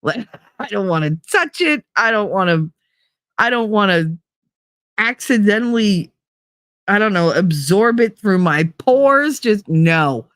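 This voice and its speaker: A woman with a New Jersey accent hosting a live stream, chatting casually and reading viewer comments in a very animated, emphatic way with lots of inflection. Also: mid-range voice, unhurried, no room sound, studio quality. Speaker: livestream host.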